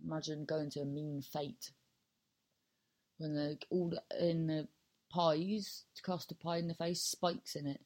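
A woman's voice: low voice, level tone, measured pace, a little mellow, poor audio. Chatty rambling woman in her thirties. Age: 30s. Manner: chatty, self-mocking, swears, trails off and restarts. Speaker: podcast host. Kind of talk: casual rambling monologue.

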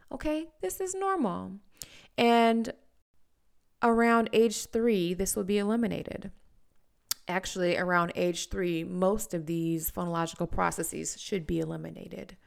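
A woman, a speech-language pathologist, explaining children's speech patterns to parents, deliberately and with emphasis on the sounds she models. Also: medium pitch, vocal fry, a little mellow. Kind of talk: parent education talk.

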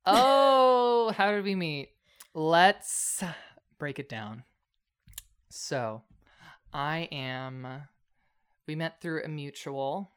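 Man, twenties, smooth clear voice, casual podcast chat, rambling storyteller. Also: a little high, expressive, drawn-out words, long pauses, a bit bright. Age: 20s.

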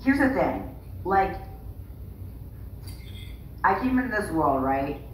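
A woman's voice: lowish voice, sing-song, takes it slowly. A woman podcast co-host talking in a fired-up, indignant way in casual chat. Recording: roomy, distant mic, faint noise.

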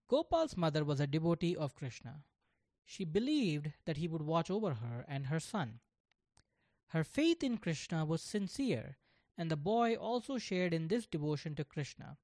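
Slow, deliberate storybook narrator. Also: medium pitch, no room sound, studio quality.

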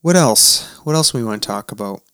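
A man's voice: on the low side, animated, moderate pace, pushed and bright, smooth, no echo. Jokey man podcast co-host, dry mic. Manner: jokey, mock-indignant, loose and irreverent. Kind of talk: casual chat.

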